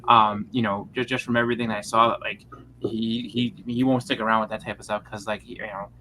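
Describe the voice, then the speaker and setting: A man's voice: fairly low pitch, flat delivery, a little fast, bright, forceful tone, a little hiss or hum, poor audio. A man telling a story in loose, rambling group chat, full of filler words and restarts.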